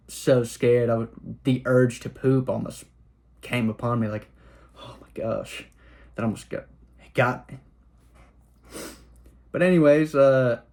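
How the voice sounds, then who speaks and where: A young man from Oklahoma City hosting a podcast, telling rambling, self-deprecating personal stories in a casual monologue with sudden fast bursts. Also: mid-range voice, darkish tone. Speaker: podcast host.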